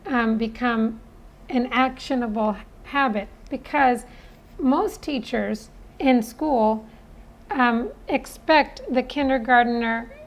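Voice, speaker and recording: Woman phonics teacher, higher voice, slow earnest delivery. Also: low-quality recording. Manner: earnest, persuasive. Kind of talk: spoken lesson.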